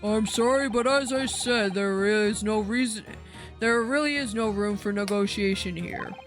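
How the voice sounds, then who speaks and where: A woman voicing an old male pawnbroker who haggles in a gruff, unbending manner. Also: medium pitch, a little slow, faint music behind, voice pushed down, lightly acted. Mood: curt.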